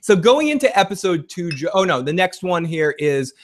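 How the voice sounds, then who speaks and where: A man hosting a live-streamed podcast, hyping the chat with loud, profane hype-man delivery. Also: sits high, big pitch swings, moderate pace. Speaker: host.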